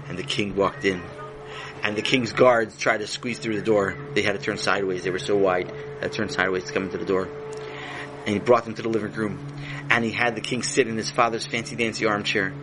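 A man narrating a children's story in an animated way, with many fillers and restarts. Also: on the low side, brisk, noisy background.

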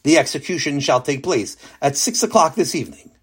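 A man voicing a proud royal knight who declaims proclamations loudly. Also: on the high side, sing-song, brisk, breathy edge, exaggerated voice. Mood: proclaiming. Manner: loud, declaiming.

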